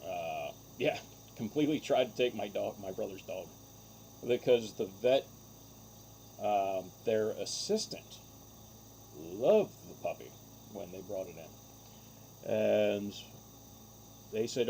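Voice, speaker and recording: A farmer talks on and on in a low, gravelly voice, aggrieved and full of filler words. His tone is dark and mellow, and the faint chirp of insects sits behind him outdoors. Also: animated, slow pace, pauses often, slight background noise. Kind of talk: casual storytelling monologue. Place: outdoors on a farm.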